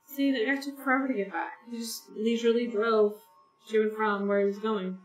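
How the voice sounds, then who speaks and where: Her voice a little high and steady in tone, this woman streams a game and talks to viewers a little fast, rambling casually as she plays. A distant mic gives a roomy sound, and soft game music plays behind her.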